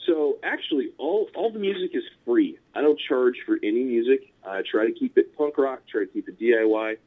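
A man's voice: mid-range voice, lively intonation, fairly quick. A man with a Californian American accent, a punk musician chatting casually as an interview guest, rambling with lots of fillers and chuckles. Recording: tinny phone-line audio.

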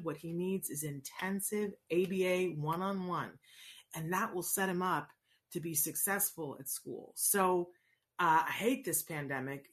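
A middle-aged woman hosting a casual advice talk, answering viewers in an earnest, encouraging way with frequent rhetorical asides. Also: fairly low pitch. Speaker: host answering viewer questions.

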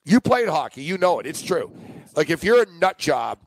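Man, podcast co-host, slightly high voice, dry close sound, opinionated, laughs often. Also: very animated, moderate pace, vocal fry, dry recording, poor audio. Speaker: sports betting podcast co-host. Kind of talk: casual sports betting chat.

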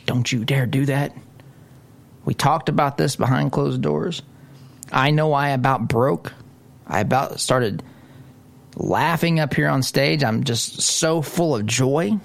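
A man putting on the voice of a stern female politician who chides her party in a hushed tone. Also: mid-range voice, takes it slowly, vocal fry, pauses often, no room sound. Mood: chiding.

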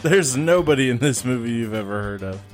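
A man's voice: medium pitch, expressive, fairly quick, faint music behind. A man from the Midwest co-hosting a casual film podcast, talking hesitantly with lots of ums and easy laughs. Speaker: podcast co-host.

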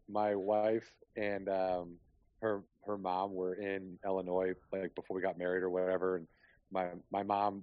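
A low-voiced man hosts a podcast over a remote call, telling a meandering story and swearing freely. The sound is dry, with no room around it. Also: darkish tone, dry recording. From Chicago area. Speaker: podcast host. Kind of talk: casual chat.

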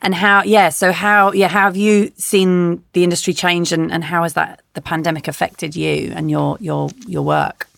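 A woman's voice: lowish voice, level tone, normal speed, gravelly, few pauses, fairly bright tone, dry recording. Woman podcast host, effusive and upbeat, dry close-mic sound. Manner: enthusiastic, effusive praise. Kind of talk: interview podcast.

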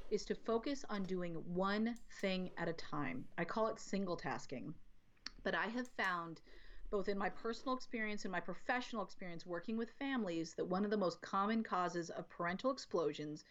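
A woman guest talking about parenting in a casual podcast chat, explaining in an animated way and acting out little quotes. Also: mid-range voice. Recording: dull lo-fi audio.

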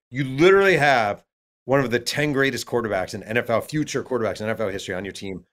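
A man, an author guest in an interview, telling stories in a lively way and acting out what others said. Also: mid-range voice, fast talker. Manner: acts out quotes of others, many fillers. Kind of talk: animated storytelling.

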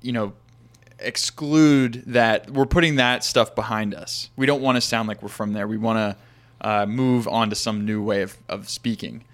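A man's voice: lowish voice, fairly even intonation, normal speed, a bit bright. A man hosting a casual podcast chat, rambling with many fillers while asking his guest questions. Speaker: podcast host. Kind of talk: casual conversational interview.

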